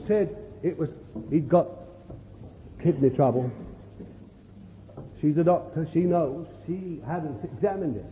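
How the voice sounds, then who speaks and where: A man's voice: high voice, a little hiss or hum. A man preaching a sermon to a congregation, fervent and exclamatory, calling out to his listeners. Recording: echoey hall, tinny lo-fi line.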